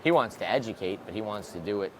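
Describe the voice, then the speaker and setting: A man's voice: fairly low pitch, fast talker, slight background noise. A man guest in a casual interview, a reptile breeder who talks bluntly and swears freely, recorded outdoors. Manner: blunt, profane and excitable.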